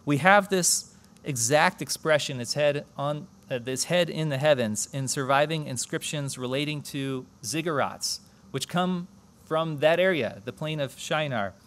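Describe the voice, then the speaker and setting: A man's voice: a little high, unhurried, fairly bright tone. A man preaching a conversational sermon at a church service, explaining scripture and asking the congregation questions.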